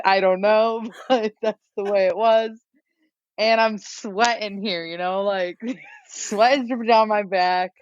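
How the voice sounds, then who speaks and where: Young woman guest rambling thru a funny story, dull dry audio, mid pitch. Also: dry recording. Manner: rambling, self-mocking, laughs a lot. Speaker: podcast guest. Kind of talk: casual storytelling.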